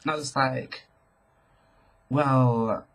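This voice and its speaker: A young man telling a sassy, animated storytime rant to camera, calling his viewers girl. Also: a little high, a little fast, slightly rough, poor audio. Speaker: vlogger.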